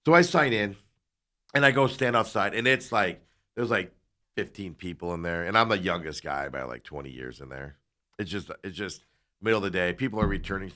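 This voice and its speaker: Male talk host, lowish voice, casual anecdote, plays out both sides of the dialogue. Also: animated, a little fast, sharp tone. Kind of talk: casual storytelling chat.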